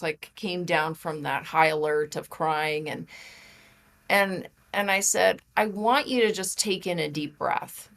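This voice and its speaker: Chatty woman, lowish voice. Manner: chatty and animated, frequent "like" and laughs. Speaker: podcast guest, holistic practitioner and author. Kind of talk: casual interview chat.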